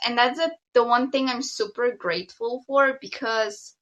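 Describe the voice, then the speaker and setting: A woman co-hosting a podcast with her partner in relaxed casual chat, often pausing on "um". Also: a little high, highs cut off. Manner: relaxed, with frequent "um" fillers. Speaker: podcast co-host.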